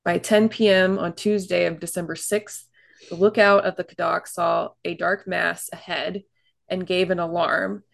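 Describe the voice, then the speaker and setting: A woman's voice: on the low side, little pitch movement, normal speed, vocal fry. A woman co-hosting a casual podcast, chatty, recounting history with fillers and asides. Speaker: podcast co-host telling a shipwreck story.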